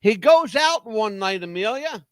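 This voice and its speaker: A man's voice: high voice, animated, unhurried, a bit bright, no echo, clean studio sound. A man hosting talk radio, telling a story dramatically with rhetorical questions. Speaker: radio host.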